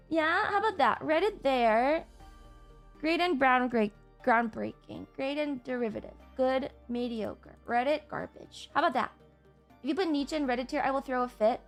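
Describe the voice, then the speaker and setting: A woman's voice: sits high, a little fast, faint music behind. A woman streaming live, reading out chat messages and ranting back at them, swearing and throwing mock tantrums. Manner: reads out and reacts to chat messages. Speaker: VTuber streamer.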